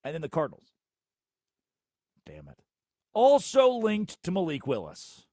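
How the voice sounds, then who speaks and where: A man hosting a solo sports talk show, ranting sarcastically and swinging between loud outbursts and low mutters. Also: wildly swooping pitch, unhurried, no room sound. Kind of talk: solo sports radio rant.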